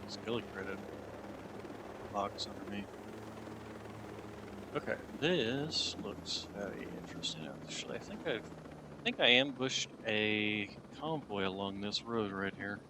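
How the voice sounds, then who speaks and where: A man's voice: fairly low pitch, animated, measured pace, long pauses, background noise. A man streaming a shooter game, chatting casually and talking to his cat between game remarks. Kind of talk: casual gameplay commentary.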